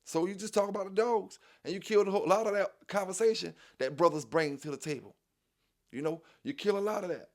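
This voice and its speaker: Preachy man talking dogs, higher voice. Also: fairly quick. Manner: repetitive, preachy street talk, fillers "you know what I'm saying". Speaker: dog news channel host. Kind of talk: casual monologue to viewers.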